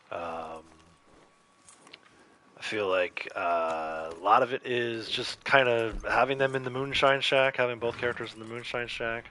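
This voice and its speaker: A man's voice: medium pitch, a bit bright. A man hosting a casual gaming livestream, rambling and laid-back as he chats with viewers, his throat a bit scratchy from coughing. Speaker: livestream host.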